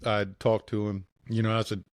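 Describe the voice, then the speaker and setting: A man in his fifties from Virginia, a podcast guest telling stories in a casual, animated way. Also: lowish voice, normal speed, no room sound. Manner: animated storyteller, acts out the people he quotes. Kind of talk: casual storytelling chat.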